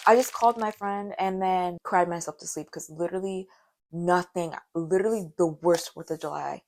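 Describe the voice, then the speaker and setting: A young woman in her late teens, with a hoarse voice that sounds deep to her, chatting in a rambling, self-mocking way while she bakes for a vlog. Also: normal speed, noisy background. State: hoarse from karaoke. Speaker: vlogger. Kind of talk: casual baking vlog chat.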